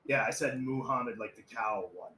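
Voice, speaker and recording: A man's voice: mid-range voice, fairly quick, sharp tone. A young man co-hosting a podcast, telling rambling stories in casual crude chat, swearing a lot and laughing. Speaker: podcast co-host. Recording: echoey room with faint background noise.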